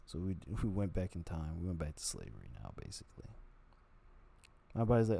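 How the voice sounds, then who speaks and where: Man, low-pitched, mellow dark tone, candid rambling storytelling, blunt with lots of swearing. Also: wildly swooping pitch, a little fast, gravelly, pauses often, breathy edge. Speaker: vlogger.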